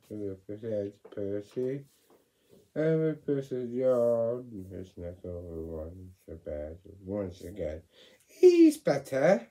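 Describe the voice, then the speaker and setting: A man reads a children's story aloud at an unhurried pace. His voice is mellow and dark, and his delivery is animated, with big leaps in pitch. He jumps from loud exclamations to hushed, whispered asides. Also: low-quality recording.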